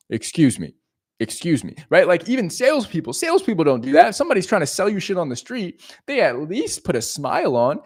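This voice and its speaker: Profane, animated male dating coach. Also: a little high. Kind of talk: casual monologue.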